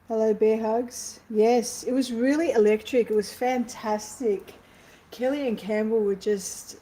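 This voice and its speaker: An Australian woman chatting casually on a livestream, effusive and greeting viewers from the chat, her voice a bit worn and hoarse. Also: on the high side, dark tone, low-quality recording. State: losing her voice. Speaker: livestream host. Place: apartment, indoors.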